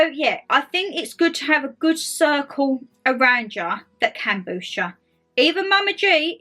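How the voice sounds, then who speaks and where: A woman's voice: fairly high pitch, pushed and bright. A young woman chatting casually to camera, bubbly and talkative, full of quoted asides. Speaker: vlogger host. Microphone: tablet camera.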